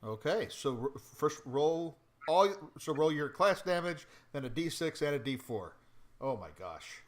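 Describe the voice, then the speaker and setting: Acting as game master for a tabletop game, a man questions his players in an expressive, slightly high voice, taking his time. He often restarts his phrases, and the sound comes from a home mic on a live stream.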